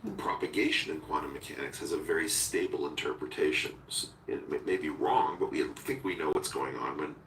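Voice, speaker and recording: A man in a philosophical conversation, talking deliberately and searching for words, using technical terms. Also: rumbling low, animated, creaky, a bit bright. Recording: roomy echo from far off with faint noise.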